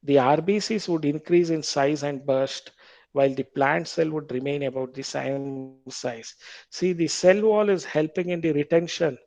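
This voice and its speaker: Gravelly Indian man teaching biology. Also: fairly high pitch, a little mellow, no echo. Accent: Indian English. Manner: repeats each question slowly, explains patiently. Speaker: biology lecturer. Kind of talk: quiz-style classroom lecture.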